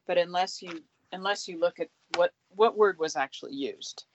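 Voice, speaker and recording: A woman's voice: on the low side, moderate pace, a little hiss or hum. A woman in a casual Bible study discussion, making her points in an earnest, questioning way. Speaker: Bible study group member. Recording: dry, dull lo-fi recording.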